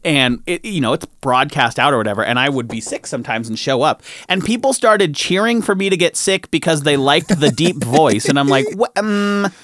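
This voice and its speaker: A man's voice: a little high, lively intonation, moderate pace, few pauses, a bit bright, no room sound. A young man in casual chat, rambling with lots of fillers and the odd swear.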